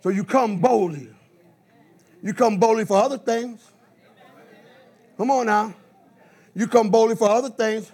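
A man preaching a sermon in an animated call-and-response style, with bursts of shouting. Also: high-pitched, unhurried, pauses often, breathy edge.

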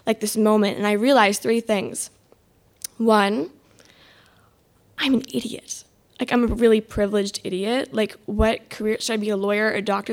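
A teenage girl telling a personal story in an exasperated, sarcastic, self-mocking way. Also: medium pitch. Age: mid-teens.

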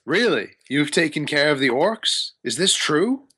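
A man's voice: a little high, sing-song, sharp tone, husky, full character voice. A game master voicing a pompous, scheming male wizard who draws out his words and hums as he thinks. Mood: grateful, musing. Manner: slow, drawn-out phrases with musing hums. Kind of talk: tabletop role-play voice.

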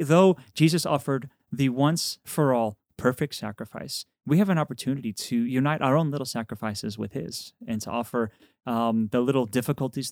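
A man's voice: medium pitch, a little mellow, dry recording, studio quality. A man co-hosting a podcast who laughs easily, teasing his friends before turning earnest as he explains his faith. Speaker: podcast co-host, priest. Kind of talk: casual chat, explaining faith.

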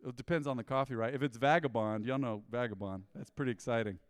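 A man's voice: medium pitch, fast talker, no echo, in a large hall. A male pastor, preaching a conversational sermon and acting out the people in his stories. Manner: animated storytelling, mimicking people in quoted asides. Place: church.

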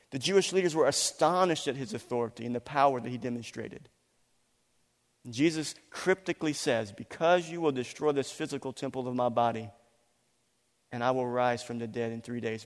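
Preaching man in an echoing hall. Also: medium pitch. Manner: animated, acts out voices in quotes, laughs often. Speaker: pastor. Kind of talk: sermon. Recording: long hall reverb.

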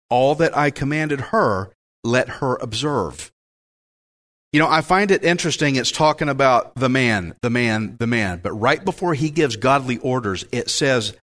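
A man delivers a sermon, his voice sitting a little higher than most men's. He reads scripture aloud, then stops to comment on it with eager, chatty asides to his listeners. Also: fairly bright tone. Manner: enthusiastic, conversational preaching with asides. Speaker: pastor.

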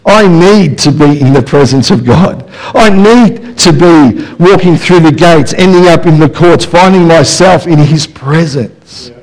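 Aussie pastor preaching in church, fairly high voice, fired up and emphatic, lots of questions to the crowd. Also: male voice, measured pace, hardly any pauses, darkish tone, poor audio. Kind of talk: sermon. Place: church service, also streamed.

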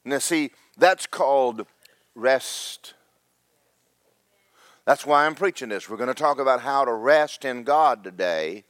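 A preacher recounts Bible stories in a joking, down-home style, voicing the characters comically. His medium-pitched voice is animated and a bit bright, moving slowly with long pauses, and there's no echo.

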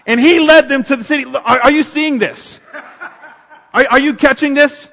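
A man preaching a sermon to a congregation, energetic and calling on them to answer back. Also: very high-pitched, moderate pace. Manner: energetic, calls on the congregation to respond. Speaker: pastor. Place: church sanctuary. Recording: long hall reverb. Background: congregation responding.

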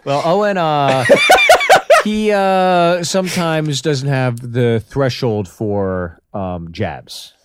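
A man's voice: medium pitch, takes it slowly, smooth, dry recording. A man, a comedian guest on a podcast, joking back playfully and poking fun at himself. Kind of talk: casual comedy podcast banter.

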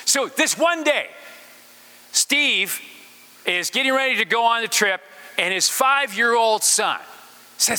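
A man preaching a sermon and telling a story, halting and repeating words, swinging between loud and hushed. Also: very high-pitched, lively intonation. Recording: echoey hall reverb.

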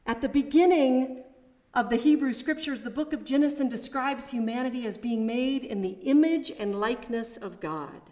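A woman preaching a sermon at a chapel, measured and reflective, with personal asides. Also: fairly high pitch, mellow.

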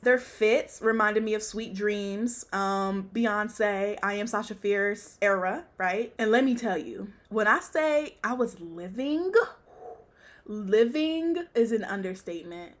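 A young woman hosts a podcast of casual pop-culture commentary, ranting bluntly and profanely and laughing often. Her voice is mid-range and her pace slow.

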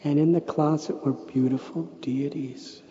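Slow, mellow-voiced man telling a story. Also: a little high, fairly even intonation. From United States. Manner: gentle, unhurried storytelling that rises to emotional, raised quoted speech. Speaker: monk lecturer. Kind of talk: storytelling lecture. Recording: dull, lo-fi lecture recording with faint noise.

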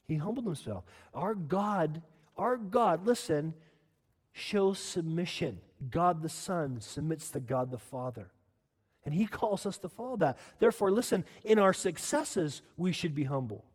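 A male pastor delivers an emphatic sermon in a slightly high voice, building to loud, fervent peaks. His words ring out with a long reverb from the church hall around him. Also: lively intonation, moderate pace. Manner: emphatic preaching, repeats "listen", rises to loud peaks.

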